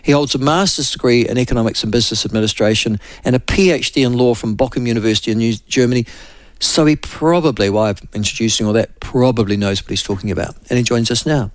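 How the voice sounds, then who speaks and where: A man's voice: medium pitch, fast, no room sound. A man hosting a radio talk show, interviewing a guest in a loose, chatty way with fillers and restarts.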